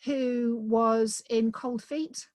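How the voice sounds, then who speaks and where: A woman's voice: on the high side, steady tone, extremely slow, a little mellow, no room sound. Chatty woman author, dry close sound. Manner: chatty and enthusiastic, many "um"s. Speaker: author being interviewed. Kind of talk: casual conversation.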